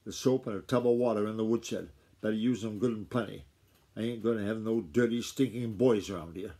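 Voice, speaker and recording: A dad doing a sharp-tongued country housekeeper. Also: male voice, on the low side, a little fast. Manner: curt, scolding, rustic speech.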